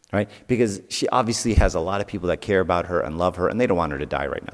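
A man's voice: deep voice, lively intonation, fast talker, few pauses, big-room sound. A man giving a sermon as a youth speaker, telling stories in a conversational way and asking his audience questions.

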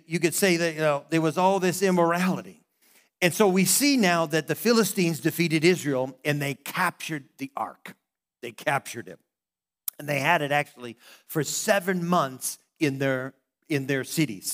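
Higher-voiced man preaching a sermon. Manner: conversational preaching with frequent restarts. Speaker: pastor.

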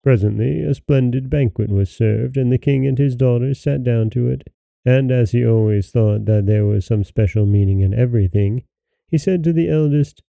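A man hosting and narrating a fairy tale as a read-aloud, measured and steady, with casual asides. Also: mid-range voice, gravelly, dry recording. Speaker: host and storyteller.

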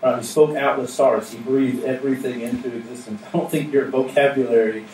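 A male pastor talks through his sermon in a relaxed, joking, plain-spoken way. The sound is roomy and echoing, picked up from a few steps back. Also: mid-range voice, a little fast. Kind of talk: conversational sermon. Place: church sanctuary with responding congregation. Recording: echoey room, mic at a distance, faint noise.

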